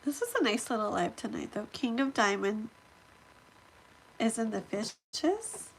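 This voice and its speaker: A woman with a stuffy nose hosting a casual live stream, reading viewer comments aloud and reacting in a chatty, excitable way. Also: a little high, unhurried, vocal fry, a little hiss or hum, low-quality recording. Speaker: livestream host.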